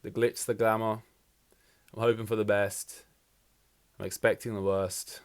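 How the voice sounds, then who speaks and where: Young male podcast host, excitable and rambling, swears a lot, casual race chat. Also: on the low side, measured pace. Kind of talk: casual race reaction commentary.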